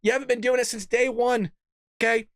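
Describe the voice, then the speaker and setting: A man hosting a political commentary show, ranting with heated, profane outbursts that swing from loud to muttered asides. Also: very high-pitched, steady tone, a little fast, no room sound, clean studio sound.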